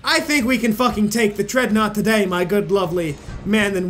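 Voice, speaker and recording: A man's voice: high voice, fairly quick, few pauses, a bit bright. A young man hosting a gaming channel, rambling and joking with plenty of swearing as he comments on his play. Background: faint game music.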